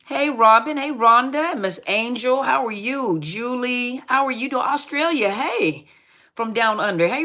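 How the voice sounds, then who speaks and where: A woman's voice: on the high side, pushed and bright. A middle-aged woman hosting a live question-and-answer stream, casually and cheerfully greeting viewers by name and laughing often. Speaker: host of a live Q&A on narcissistic abuse.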